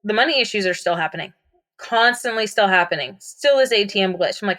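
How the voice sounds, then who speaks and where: A woman's voice: medium pitch, animated, quick pace, a bit bright. A young woman guest on a podcast, candidly recounting a personal story in a casual way with many fillers.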